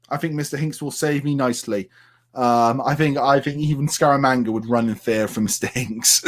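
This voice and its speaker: A man hosts a casual live stream, chatting through viewer questions with lots of "um"s. His voice sits a bit higher than most men's. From United Kingdom. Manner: chatty, answers viewer comments with fillers.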